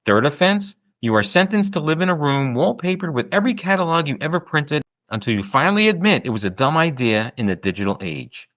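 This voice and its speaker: A man's voice: sing-song, fairly quick, few pauses, a bit bright. A man hosting his own podcast, delivering an exasperated, sarcastic comedic rant. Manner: exasperated, sarcastic ranting with sudden pitch jumps. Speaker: podcast host.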